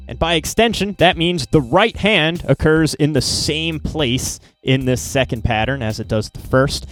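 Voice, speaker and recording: A man teaching drum patterns in an informal, relaxed way, counting strokes aloud. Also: mid-range voice. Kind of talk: instructional explanation.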